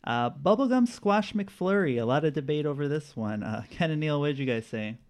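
A man hosting a casual quiz podcast, relaxed, chuckling often and filling pauses with uhs. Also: on the high side. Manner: laid-back, chuckling, with filler uhs. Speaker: quiz host.

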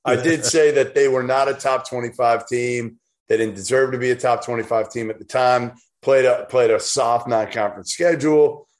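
A man's voice: medium pitch, normal speed. A man co-hosting a sports talk show, speaking in a plain mid-range voice. He talks bluntly and with emphasis. Mild swearing slips in as he holds forth. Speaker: podcast co-host. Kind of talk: casual sports chat.

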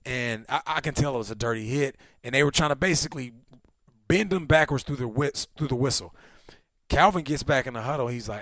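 A man in his thirties, a former football player, co-hosting a casual chat and telling stories with lively, acted-out quotes. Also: a little fast, no echo, studio quality. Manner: animated storyteller, acts out quotes with big pitch swings. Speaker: podcast co-host, former NFL receiver.

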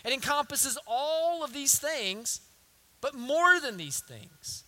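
A man's voice: very high-pitched, very animated, slow, sharp tone. A man with a Southern accent preaching an earnest sermon, building to emphatic repetition. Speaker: pastor.

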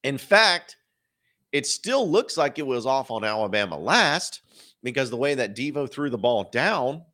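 A man's voice: medium pitch, big pitch swings, measured pace, bright, forceful tone. A man hosting a solo sports podcast, giving casual, opinionated commentary with wry asides.

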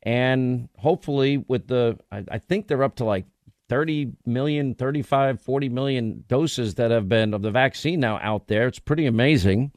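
Blunt rambling talk host. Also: male voice, mid-range voice, moderate pace, a little mellow, no echo. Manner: rambling, blunt, with many restarts. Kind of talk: casual talk radio monologue.

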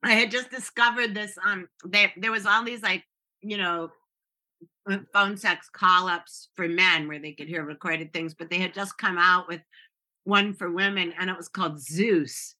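A woman's voice: on the low side, steady tone, normal speed, sharp tone. A woman in her sixties, a guest telling stories in casual chat, often laughing and restarting her sentences.

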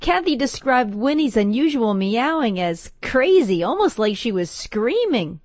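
A woman's voice: fairly high pitch, very animated, unhurried, darkish tone, no room sound. A woman reporter reading a scripted story for radio. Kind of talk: scripted news narration.

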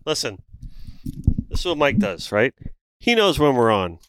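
A man's voice: mid-range voice, big pitch swings, measured pace, a bit bright, no room sound, rough recording. A man hosting a fishing podcast, chatting casually in an easygoing way. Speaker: podcast host. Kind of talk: casual chat. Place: studio.

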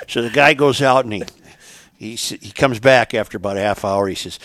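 A man's voice: mid-range voice, fast, no room sound. An older man hosting a casual sports talk show, telling long jokes with relish and acting out the characters. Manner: animated storyteller, voices joke characters. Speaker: radio talk show host. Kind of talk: casual chat, joke telling.

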